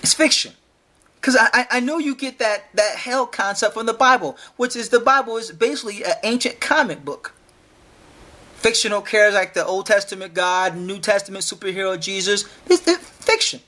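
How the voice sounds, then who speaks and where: A man's voice: sits high, fairly quick, bright, forceful tone. A man hosting a solo podcast, arguing emphatically, repeating himself and firing rhetorical questions, stumbling over repeated words. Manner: repetitive, challenging with rhetorical questions. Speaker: podcast host. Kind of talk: argumentative solo podcast monologue.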